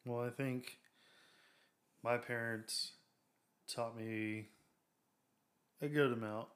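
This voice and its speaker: A man's voice: mid-range voice, steady tone, very slow, a bit bright. Laid-back young man podcaster. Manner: laid-back, joking, short remarks. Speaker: podcast co-host. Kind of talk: casual chat.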